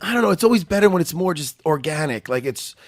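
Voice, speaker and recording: A man's voice: fairly high pitch, animated, quick pace, no echo. A man hosting a podcast, chatting in a loose, rambling and profane way. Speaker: podcast host. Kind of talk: casual podcast chat.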